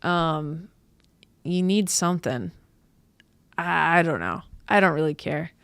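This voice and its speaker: A woman in her thirties, a comedian hosting her own podcast, rambling through a casual monologue with halting restarts. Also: deep voice, fairly bright tone, clear, resonant tone, dry recording. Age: 30s. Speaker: podcast host and stand-up comedian.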